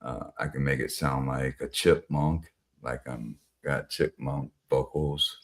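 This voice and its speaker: Very deep, slow-talking male stream host. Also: fairly even intonation. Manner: rambling, loose, swears casually, many fillers. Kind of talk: casual live stream chat.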